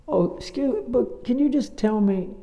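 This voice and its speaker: A man's voice: extremely high pitch, lively intonation, moderate pace, mellow, pitched above the performer's own voice. A man voicing a humble, bewildered village man lost in a big city, speaking in a pleading, plain-spoken way.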